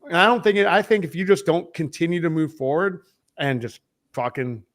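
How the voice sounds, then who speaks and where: A man's voice: on the high side, lively intonation, brisk. A man on a podcast as a guest, talking casually in a profane, emphatic, rambling way about selling. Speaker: podcast guest, head of sales.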